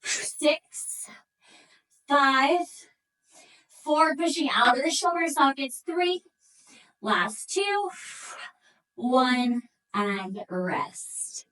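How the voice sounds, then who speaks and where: A woman's voice: high voice, drawn-out words, long pauses, sharp tone, far from the mic, rough recording. A woman leading a pilates workout, encouraging and counting reps aloud, a bit out of breath. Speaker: pilates instructor. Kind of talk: guided workout instruction.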